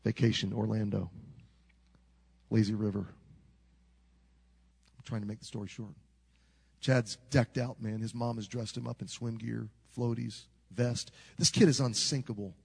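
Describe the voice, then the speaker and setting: Gravelly older man preaching a story sermon. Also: fairly low pitch, unhurried, long pauses. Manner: animated, swings from loud to hushed.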